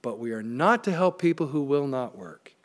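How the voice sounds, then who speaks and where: A pastor preaching a sermon, emphatic and plain-spoken, with joking asides. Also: male voice, mid-range voice, expressive, normal speed.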